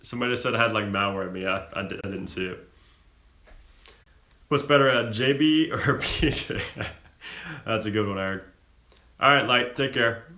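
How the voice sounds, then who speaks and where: A young man with a low but bright, forceful voice chats casually on a live stream, answering viewer questions. He talks loosely, with fillers and little self-amused laughs. The room around him is echoey. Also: normal speed, pauses often. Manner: relaxed, chatty, frequent fillers and self-laughs.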